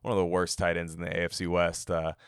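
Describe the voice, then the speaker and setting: A man's voice: sits low, monotone, fast, clear, resonant tone, dry recording, studio quality. A man giving loose, profane, opinionated football draft takes in a casual podcast ramble. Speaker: NFL mock draft podcaster. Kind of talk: casual sports talk.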